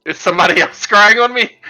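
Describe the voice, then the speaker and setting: A man's voice: sits high, moderate pace, pushed and bright, soft background music, rough recording. A man playing a tabletop game, chatting casually, rambling and laughing as he jokes with the group. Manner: rambling, joking, laughs often. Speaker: player.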